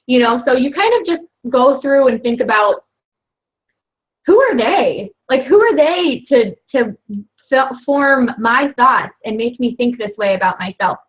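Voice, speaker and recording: A woman's voice: fairly high pitch, expressive, a little slow. Earnest young woman coach, tinny sound. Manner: earnest, rambling, heavy with "you know" and "like". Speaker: fitness coach. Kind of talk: casual motivational talk to fellow coaches. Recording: tinny phone-like audio.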